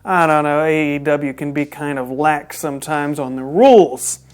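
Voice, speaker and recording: Recapping a wrestling show, this reviewer from Texas speaks casually at normal speed in a medium-pitched voice. He sounds lively and disbelieving, with jokes sprinkled throughout.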